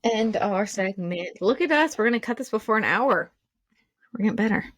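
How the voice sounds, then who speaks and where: A woman's voice: medium pitch, normal speed, no room sound. A woman co-hosting a podcast in casual chat, talking loosely with lots of fillers and laughing easily. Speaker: podcast co-host.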